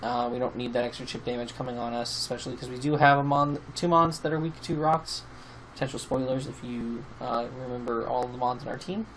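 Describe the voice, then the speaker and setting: A man casually talking through a game team he has built, rambling with many pauses and fillers, and sounding sleepy. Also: mid-range voice, little pitch movement, fairly bright tone, a little hiss or hum, low-quality recording. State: sleepy, yawning. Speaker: YouTube team-building host. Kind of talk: casual commentary over gameplay.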